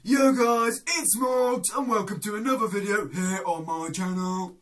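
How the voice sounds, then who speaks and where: A man doing an impression of a hyped-up young male video host, shouting his greeting. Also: high voice, unhurried, distant mic, pitched above the performer's own voice. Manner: shouty, excited.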